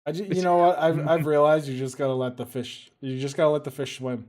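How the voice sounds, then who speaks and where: A man's voice: on the high side, flat delivery, a little fast, a little mellow. A middle-aged man co-hosting a podcast in a laid-back way, mostly giving short replies. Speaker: podcast co-host. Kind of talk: casual chat.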